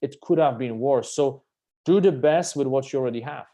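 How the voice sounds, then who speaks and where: A man telling stories as a guest on a live stream, animated and emphatic, swearing freely as he talks. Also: medium pitch, normal speed. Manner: animated, emphatic storyteller who swears casually. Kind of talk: live-stream conversation, storytelling.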